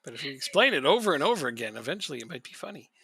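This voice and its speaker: A male gaming streamer with a raised voice that has a gravelly, slightly husky edge and a very bright tone. He chats casually, jokes around, and laughs often. He is recorded dry and close, with no room sound. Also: a little high, big pitch swings, very fast, dry recording.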